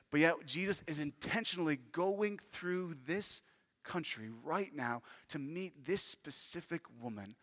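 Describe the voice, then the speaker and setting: Male preacher, earnest and animated, a touch high, reverberant sanctuary sound. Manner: earnest, animated storytelling with questions to the congregation. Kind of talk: sermon with personal story. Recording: long reverb of a large hall.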